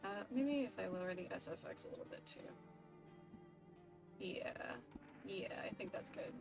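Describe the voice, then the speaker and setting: A woman's voice: medium pitch, normal speed, over music. A woman streaming a video game, chatting casually and with self-amused asides. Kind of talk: casual let's-play commentary.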